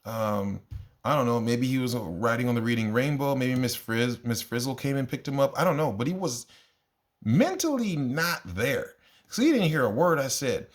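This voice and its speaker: A man with a middling, everyday pitch tells stories from his kindergarten class in a loose, chatty monologue. He sounds exasperated and animated, and his voice leaps up whenever he quotes what he said to the kids. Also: moderate pace. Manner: animated, exasperated, jumps into high voices when quoting himself. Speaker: kindergarten teacher. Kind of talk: casual storytelling monologue.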